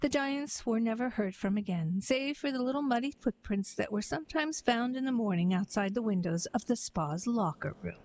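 Casting: woman reader, measured storybook narration, slightly high voice. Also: expressive, darkish tone, dry recording, low-quality recording. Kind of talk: storybook and poetry reading.

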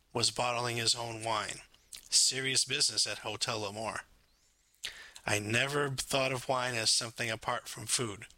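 A man from France narrating his own memoir in a measured, wry storytelling manner. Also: medium pitch, bright, forceful tone, no echo. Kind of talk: scripted narration.

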